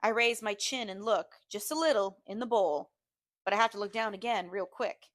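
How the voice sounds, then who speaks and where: A woman's voice: medium pitch, moderate pace, no room sound. Woman reading a novel aloud, dry. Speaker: teacher reading to class.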